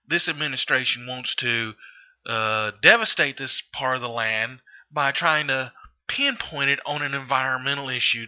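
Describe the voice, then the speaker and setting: A man's voice: mid-range voice, sharp tone, highs cut off. A man giving an impassioned monologue, indignant and fond of rhetorical questions, stumbling with frequent hesitations. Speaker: political video commentator.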